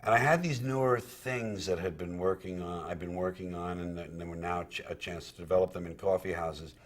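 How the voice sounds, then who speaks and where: A man's voice: deep voice, fairly quick. A comedian recalling his career in candid, profane storytelling, acting out what he once said. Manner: candid and profane, acts out quoted dialogue. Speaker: stand-up comedian.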